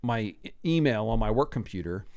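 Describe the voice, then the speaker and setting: A man in his sixties hosting a podcast, telling a story from his own life in a casual, animated way, acting out what people said and often laughing. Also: on the low side, moderate pace, gravelly, no echo. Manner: animated, acts out quoted lines, laughs often.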